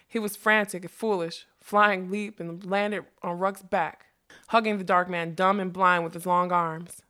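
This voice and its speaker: A woman narrating a fantasy novel as an audiobook, measured and expressive. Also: on the low side.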